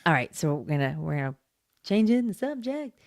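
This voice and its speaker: A woman's voice: sits low, big pitch swings, fairly quick, dry recording, clean studio sound. A woman co-hosting a podcast, blunt, profane and mocking in casual chat. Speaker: podcast co-host.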